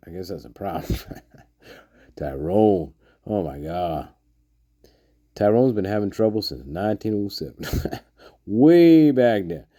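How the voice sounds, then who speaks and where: Low mellow guy rambling on his vlog, jokey, laughs a lot, dry sound. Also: no echo. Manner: joking, rambling, laughs often. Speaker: channel host.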